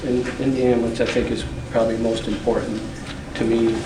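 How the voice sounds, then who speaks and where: A man's voice: mid-range voice, flat delivery. A man running for town board, answering off the cuff with many repeats and stumbles. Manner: halting, repeats words often. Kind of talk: unscripted forum answer. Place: public meeting hall. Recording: roomy hall, far from mic, noisy.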